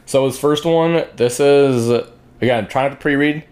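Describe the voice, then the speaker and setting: A man's voice: mid-range voice, unhurried, darkish tone, slight background noise. Crude joking male podcast host. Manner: crude, joking, laughs often. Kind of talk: crude casual banter.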